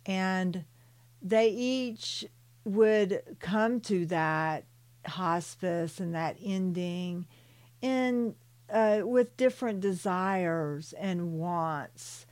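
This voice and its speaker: Slow, soothing older woman. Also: fairly low pitch, darkish tone, clean tone. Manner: slow and soothing, calls listeners "beloved". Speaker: author and spiritual channeler. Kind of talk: reading her own book with personal asides.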